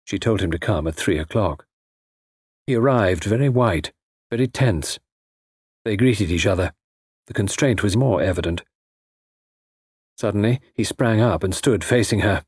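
A man's voice: on the low side, normal speed, pauses often, a little mellow, slightly rough, no echo, clean studio sound. A man narrating a story as an audiobook, reading expressively with a wry tone.

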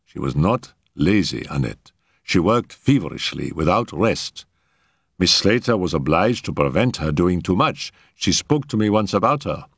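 A man with a very deep voice narrates a first-person story, and his pitch rises and falls in a lively way. The delivery is expressive and varied. The recording is close and dry. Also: normal speed, vocal fry, breathy edge, dry recording. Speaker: audiobook narrator.

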